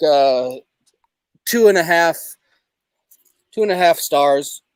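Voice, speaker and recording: A man's voice: on the high side, animated, takes it slowly, smooth, no echo. A man hosting a casual comedic livestream, rambling and hesitant, with lots of fillers. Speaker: show host.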